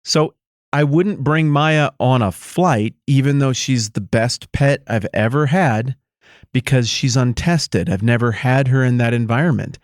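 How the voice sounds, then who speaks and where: A man's voice: mid-range voice, measured pace, no echo, studio quality. A man co-hosting a podcast, riffing through playful, exaggerated hypotheticals in casual chat. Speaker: podcast co-host.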